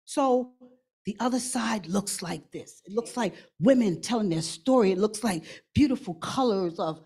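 Husky, passionate woman panelist. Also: medium pitch, expressive, normal speed, dark tone. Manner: passionate, vivid imagery. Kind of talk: impassioned panel remarks.

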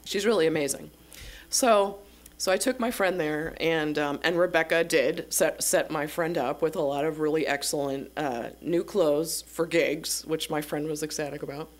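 A woman's voice: low voice, steady tone, normal speed. A young woman telling a personal story at a church service, chatty and rambling, with many fillers. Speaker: congregation member sharing a story. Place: church sanctuary.

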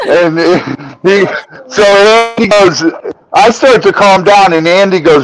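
A middle-aged man telling a story as a podcast guest, animated and profane, rising to shouts when he acts out arguments. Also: high-pitched, measured pace, no room sound, rough recording. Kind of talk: storytelling in casual chat.

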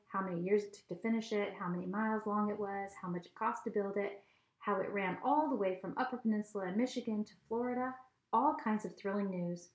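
A woman reads a children's novel aloud in a mid-range voice, telling the story steadily and expressively. She is at home, and the room gives her voice a clear echo. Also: medium pitch. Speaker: reader. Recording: echoey room.

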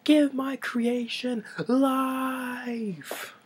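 A man doing an impression of an excitable young male mad scientist, with shrieking, melodramatic outbursts. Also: very high voice, extremely slow, slightly rough, voice pushed up, exaggerated voice. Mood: frantic.

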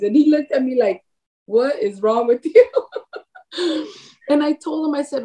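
A woman's voice: sits high, measured pace, long pauses, mellow. A woman giving a personal faith testimony as a guest, storytelling animatedly, acting out quoted dialogue and laughing often. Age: adult, married with a grown son. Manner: laughs often while talking. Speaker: interview guest.

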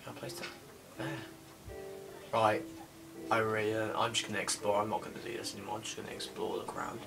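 A man's voice: on the low side, little pitch movement, fast, gravelly. A young man commenting on a game he is playing, muttering and grumbling in an unenthusiastic way. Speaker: gaming video creator. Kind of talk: casual gameplay commentary. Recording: distant mic with music behind.

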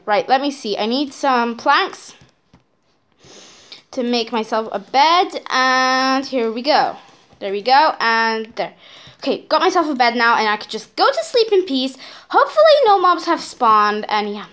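A woman hosting her own channel, giving excitable let's-play commentary on a survival game and often addressing her viewers directly. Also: fairly high pitch, a little slow.

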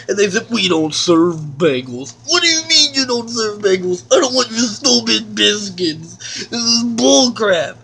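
A man doing whiny high-voiced ranting fat guy. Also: pushed and bright, slight background noise, exaggerated voice. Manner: whiny, complaining, near tears. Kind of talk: comedic rant to camera.

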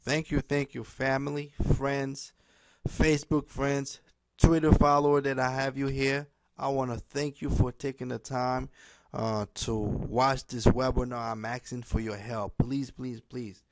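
A man making a direct appeal to camera, pleading and repeating himself, ending most lines with a low "okay?". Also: flat delivery, unhurried, no room sound. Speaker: home business promoter.

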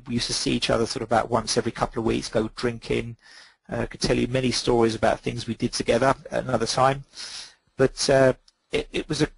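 A man's voice: mid-range voice, gravelly, husky, dry recording, poor audio. A middle-aged man, a photographer guest on a webinar call, telling rambling anecdotes full of ums and quoted dialogue. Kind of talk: relaxed anecdotal storytelling.

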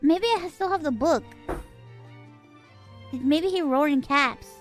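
Woman, very high voice, chatty and giggly, casual game stream talk. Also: music in the background. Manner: chatty, giggly, quick to laugh. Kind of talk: casual gameplay chat.

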